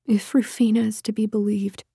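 A woman voicing a brooding young male lover in a storybook, speaking in a low hushed whisper. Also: flat delivery, moderate pace, creaky, husky, dry recording, clean studio sound. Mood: cold.

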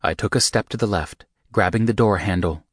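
A man reads a first-person audiobook in a measured, steady way. His voice sits very low. The sound is dry and close, with no room around it. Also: husky, no room sound. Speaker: audiobook narrator.

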